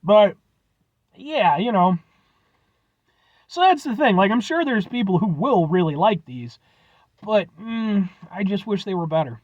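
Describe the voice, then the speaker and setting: A man's voice: sits high, big pitch swings, unhurried, pauses often, no echo, lo-fi sound. A man reviewing snacks on his vlog, rambling and joking, swearing casually as he signs off. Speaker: food review vlogger.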